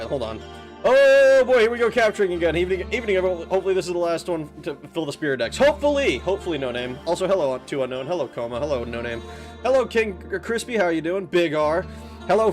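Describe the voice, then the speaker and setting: A man streaming a game, chatting casually, rambling and swearing as he reads chat aloud. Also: fairly high pitch.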